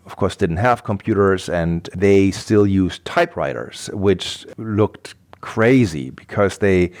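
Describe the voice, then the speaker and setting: A man's voice: fairly low pitch, a little mellow. A middle-aged man, a guest on an interview podcast, explaining things patiently and thinking aloud as he goes. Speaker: guest expert.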